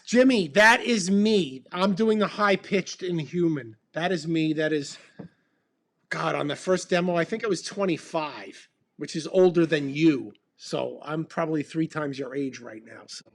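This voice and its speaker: A man in his fifties from a band hosts a livestream, chatting casually and drifting along with many ums between sips of bourbon. His voice is a little high, with vocal fry.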